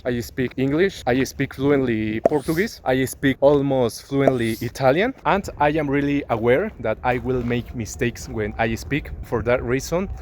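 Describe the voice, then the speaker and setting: Earnest Mexican man vlogging outdoors. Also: mid-range voice. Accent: Mexican Spanish. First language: Spanish. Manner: earnest, searching for words with restarts. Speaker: travel vlogger. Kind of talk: walking vlog, learner's English. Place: outdoors in a city park and along a busy avenue. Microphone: smartphone mic, then a clip-on wireless mic. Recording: phone recording with faint street noise.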